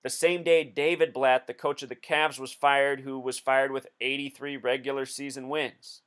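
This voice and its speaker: Smooth-voiced man, insistent explainer. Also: mid-range voice, flat delivery, normal speed, fairly bright tone. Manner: insistent, explanatory, counting through numbers. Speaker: video host. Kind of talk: casual commentary.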